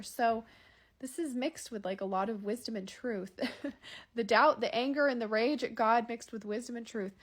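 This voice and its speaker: Woman, Bible study host, raised pitch, reads scripture and adds casual commentary. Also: moderate pace. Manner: chatty asides between earnest scripture reading.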